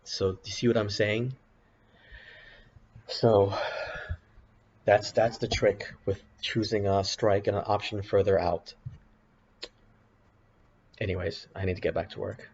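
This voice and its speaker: A man with a lowish voice hosts a casual trading walkthrough, rambling and backtracking between points. The recording is muffled and lo-fi, with a faint hiss behind him. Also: flat delivery, unhurried, long pauses, darkish tone. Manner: rambling, self-correcting, apologetic asides. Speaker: options trading video host. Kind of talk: casual screen-share commentary. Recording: dull lo-fi sound with faint background hiss.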